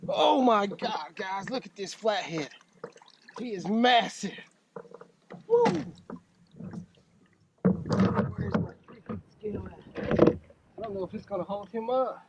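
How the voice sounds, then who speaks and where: Excitable high-voiced man on a boat. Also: takes it slowly, pauses often. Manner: excitable, loud exclamations, swears freely. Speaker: fishing vlogger. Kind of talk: excited casual narration to camera. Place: on a boat on a lake outdoors. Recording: noisy outdoor lake audio.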